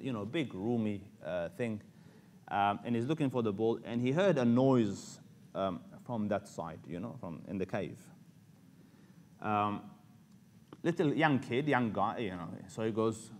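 A man's voice: lowish voice, slight background noise. A man teaching an Islamic lecture in a loose, conversational way, full of fillers and Arabic phrases.

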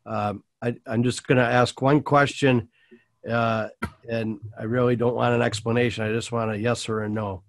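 A man's voice: mid-range voice, level tone, moderate pace, no room sound. A man hosting a panel discussion, asking rambling questions in a chatty, self-deprecating way. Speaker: host.

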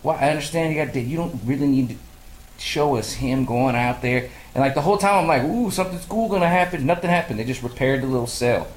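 A man's voice: medium pitch, quick pace, reverberant, rough recording. A man casually ranting in a movie review, swearing freely and acting out his own reactions. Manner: profane, animated storytelling, mimics his own reactions. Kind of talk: casual rant.

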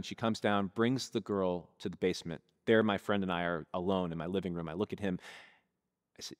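A man's voice: low-pitched, steady tone, a little fast. A male pastor preaching a sermon, telling a story vividly and speaking directly to his congregation, in a church sanctuary on a stage mic. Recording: long reverb of a church hall.

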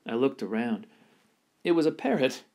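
A man reads a children's novel aloud, telling the story expressively in a mid-range voice at a moderate pace.

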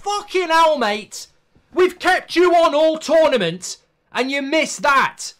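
High-pitched ranting football fan. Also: male voice, very animated, takes it slowly, bright, forceful tone. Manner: ranting, swearing, exasperated. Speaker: football reaction host. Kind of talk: live football match reaction.

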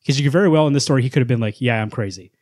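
A man co-hosting a comics podcast, retelling a story with lively energy and putting on voices for the characters he quotes. His voice sits at a middle pitch and is recorded close and dry. It sounds like friends chatting around a table. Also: racing, no room sound. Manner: animated storyteller, acts out lines from panels. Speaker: podcast co-host. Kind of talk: casual chat, recapping a comic.

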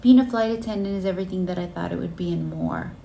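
Earnest woman vlogger, gravelly edge. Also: lowish voice, fast, mellow, a little hiss or hum. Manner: earnest and emotional, many fillers. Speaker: flight attendant vlogger. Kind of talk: casual storytelling vlog. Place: hotel room on a layover.

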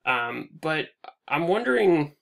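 A man with a gravelly, forceful voice gives a casual lecture over slides. He fills his pauses with "um" and lets his phrases trail off at the ends. He sounds like a young adult teacher talking into a computer mic. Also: a little high, sing-song. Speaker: English instructor.

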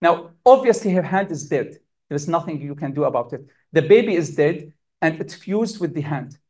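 Man, high-pitched voice, physician at a talk, emotional, halting delivery. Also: animated, darkish tone. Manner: emotional, halting, with repeated restarts. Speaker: physician speaker. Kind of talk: personal account at a public talk.

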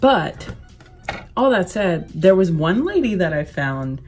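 Low-voiced chatty woman beauty vlogger. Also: very animated, slow, darkish tone, soft background music. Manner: chatty, rambling, lots of "like" fillers. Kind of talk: casual chat while doing makeup.

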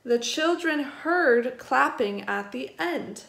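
A woman teaching a first grade vocabulary lesson at a distance, spelling each word out slowly and explaining it gently for young children. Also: high voice, expressive, gravelly. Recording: echoey room.

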